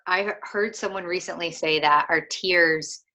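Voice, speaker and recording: A woman's voice: lowish voice, moderate pace, pushed and bright. A young woman on a video call, talking thoughtfully about a book in casual chat, with many fillers and restarts. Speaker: co-host of a book discussion.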